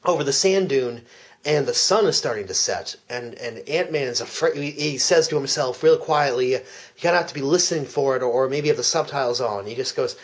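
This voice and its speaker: A man giving a deadpan parody commentary track, telling an absurd plot earnestly, with frequent restarts. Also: mid-range voice, a little fast. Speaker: comedic fake commentary speaker.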